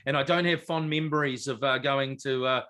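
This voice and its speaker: A man co-hosting a sports podcast in casual, jokey chat, animated and rambling with fillers. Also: mid-range voice, brisk, a little hiss or hum. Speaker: podcast co-host.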